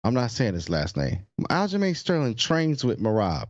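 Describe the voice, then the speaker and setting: A man's voice: mid-range voice, wildly swooping pitch, normal speed, no echo, muffled recording. A man co-hosting a podcast in casual sports chat, laid-back and slangy, often restarting his sentences. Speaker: podcast co-host.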